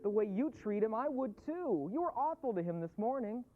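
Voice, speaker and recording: Lively, blunt woman in a children's TV play. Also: on the high side, a little fast, background noise. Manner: blunt, dismissive. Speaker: actress and narrator of a children's TV drama. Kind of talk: children's TV drama acting and narration. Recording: tinny lo-fi old TV audio with music.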